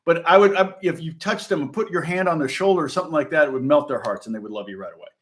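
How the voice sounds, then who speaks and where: A man's voice: fairly high pitch, rapid-fire. Man, middle-aged, guitar teacher, casual live-stream chat, rambling, laughs often. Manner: rambling, chatty, laughs often, many restarts.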